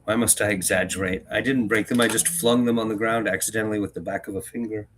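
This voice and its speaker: A man's voice: lowish voice, fairly even intonation, fast, a bit bright, slight background noise. A man hosting a book-reading channel, chatting casually between readings in a rambling way, with frequent restarts and fillers. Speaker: reader and host.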